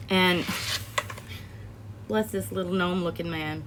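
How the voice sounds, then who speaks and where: Rambling woman vlogger, low-pitched. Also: lively intonation, normal speed, noisy background. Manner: rambling, emotional, laughs and sighs between thoughts. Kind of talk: casual personal storytelling to camera.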